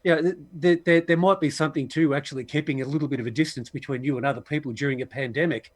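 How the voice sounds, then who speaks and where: A male co-host on a commentary podcast who talks quickly and a bit high. His humor is dry and sarcastic, and he makes his points in a casual way. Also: steady tone.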